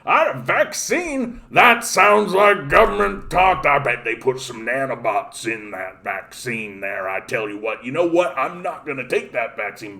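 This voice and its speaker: A man's voice: medium pitch, creaky, bright, forceful tone. A man voicing a caricature of a whiny redneck male business owner in a drawling, exaggerated, mocking way.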